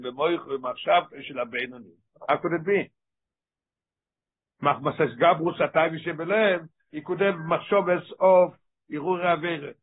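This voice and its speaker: A man teaching a text study lesson. He reads passages aloud quickly and then explains them more slowly. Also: fairly high pitch, husky. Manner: reads Hebrew quickly, then explains slowly in English with Yiddish-inflected terms. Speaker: Torah teacher. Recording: tinny phone-line audio.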